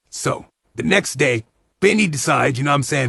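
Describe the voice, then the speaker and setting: A man with a deeply gravelly, husky voice recaps a film for laughs, peppering every line with profanity and slang. He slips into the characters' lines as he goes. The recording is dry, with no room sound. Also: expressive, normal speed, pushed and bright, dry recording. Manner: heavy swearing, slangy retelling with acted-out quotes. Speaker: movie recap host. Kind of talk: profane comedic movie recap.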